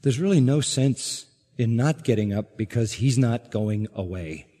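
A man's voice: mid-range voice, lively intonation, unhurried, warm tone, in a large hall. A pastor preaching an emphatic sermon, his voice rising sharply on key words.

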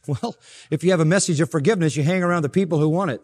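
A man preaching a sermon with a slightly high voice that leaps up for emphasis and falls soft at the ends of phrases. His voice carries a long reverb from a large church hall. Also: quick pace. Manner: emphatic preaching with sharp rises and soft drops. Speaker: pastor.

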